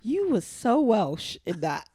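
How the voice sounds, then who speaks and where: A woman with a South London accent, a comedian guest chatting in a relaxed way, with lots of 'like' and easy laughs. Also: mid-range voice, slow, loud music behind the voice. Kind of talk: casual podcast chat.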